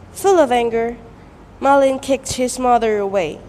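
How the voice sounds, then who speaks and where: Student girl telling a folk legend in american-style english, slow and clear, echoey hall. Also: on the high side, darkish tone. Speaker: student storyteller. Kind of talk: folktale storytelling performance. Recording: echoey hall, faint noise.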